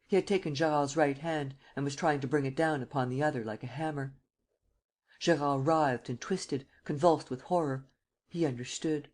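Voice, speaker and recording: A woman narrating a classic detective novel as an audiobook in a steady, measured way. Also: deep voice. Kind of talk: scripted narration.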